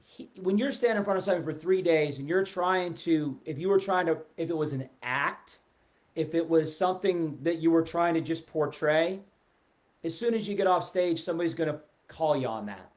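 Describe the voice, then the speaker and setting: A middle-aged man giving a casual, animated sales talk on a live stream, seated and reading out viewer comments. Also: on the high side, brisk. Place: indoors, seated in a chair. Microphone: webcam or phone at a desk, seated.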